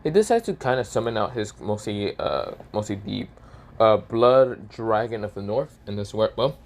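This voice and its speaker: A man's voice: on the low side, very animated, moderate pace, a little mellow. A man improvising a fan story narration in a rambling way, full of fillers and restarts.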